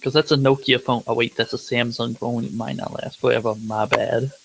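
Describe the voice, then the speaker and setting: A man's voice: mid-range voice, steady tone, fairly quick, creaky, a little hiss or hum, rough recording. A man playing a tabletop role-playing game, talking in character in a sardonic, teasing way. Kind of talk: in-character role-play chat.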